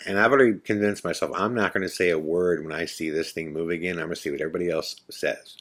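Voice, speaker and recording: A man hosting a podcast, telling a ghost-hunting story in a relaxed, animated way with many fillers. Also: fairly low pitch. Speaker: podcast host. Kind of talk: casual storytelling monologue.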